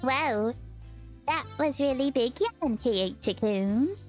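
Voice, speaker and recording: A cutesy young schoolgirl, as a woman puts her on, her voice pitched high and swooping all over. She speaks slowly and in a prim, sing-song way, with faint game music behind. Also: animated. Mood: teasing. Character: sweet teasing young schoolgirl. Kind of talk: game character voice.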